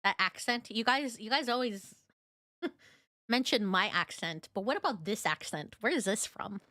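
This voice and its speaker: A woman's voice: mid-range voice, expressive, moderate pace, bright, forceful tone, no echo, clean studio sound. A woman streamer chatting casually with her viewers, giggly and rambling, with lots of fillers. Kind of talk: casual reaction chat.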